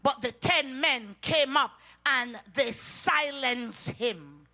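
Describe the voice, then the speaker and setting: A woman preaching a sermon, reading scripture and shouting out to the congregation with emphatic calls. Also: high-pitched, slow.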